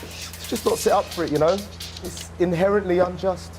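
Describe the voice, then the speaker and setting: An actor playing a crude, cheerful ex-convict with a laddish, matter-of-fact manner. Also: male voice, high-pitched, steady tone, normal speed, loud music behind the voice. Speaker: interviewee.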